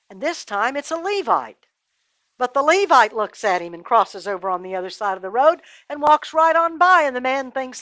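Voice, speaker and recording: Expressive woman telling a children's Bible story. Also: on the high side, normal speed, dry recording. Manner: expressive, speaks directly to kids.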